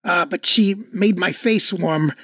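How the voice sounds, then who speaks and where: A woman's voice: on the low side, a little slow, fairly bright tone, husky, no echo, studio quality. A woman playing a tabletop game, earnest and giggly as she plays her character. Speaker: player. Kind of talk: casual tabletop role-play.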